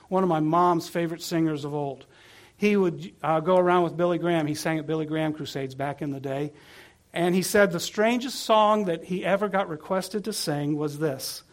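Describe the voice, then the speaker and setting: A pastor preaching a sermon, earnest and asking the congregation questions. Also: male voice, sits high.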